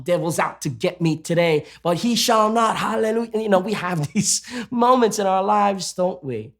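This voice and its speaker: A man preaching a sermon as pastor, emphatic and asking the congregation rhetorical questions. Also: sits high.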